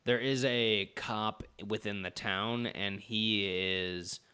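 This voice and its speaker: A man's voice: fairly low pitch, steady tone, slow, sharp tone, smooth. Rambling young man retelling a movie. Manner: rambling, swearing, acts out scenes with laughter. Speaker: podcast co-host. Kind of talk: casual movie review chat.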